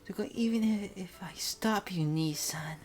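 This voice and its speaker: A man voicing an anxious, formal younger sister with a soft, pleading manner. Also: high voice, moderate pace, pitched above the performer's own voice, close to an everyday voice. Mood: worried pleading.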